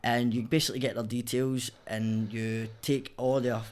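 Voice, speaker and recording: A man's voice: medium pitch, flat delivery, moderate pace, darkish tone. A young man with a Glaswegian accent, telling his story as a podcast guest in blunt, sweary casual chat. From Scotland.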